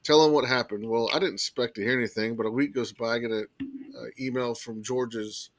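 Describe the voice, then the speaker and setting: A man recounts a personal story in casual podcast talk. He tells it emphatically and with energy, at a middle pitch. The sound is dry and close. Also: brisk, no echo. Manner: animated, emphatic retelling with acted quotes. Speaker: podcast guest telling a story.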